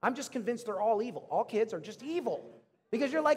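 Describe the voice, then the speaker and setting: A man's voice: very high voice, expressive, brisk, slightly rough, long reverb tail. A man in his thirties preaching a casual, conversational sermon to his congregation, often acting out the voices of the people in his story. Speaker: pastor.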